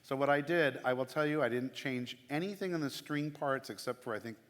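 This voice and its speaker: A man's voice: medium pitch, a little fast. A man, a church music director, chatting casually and enthusiastically about his craft. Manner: enthusiastic, chatty, self-deprecating asides. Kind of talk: casual explanatory talk. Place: church sanctuary. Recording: long hall reverb.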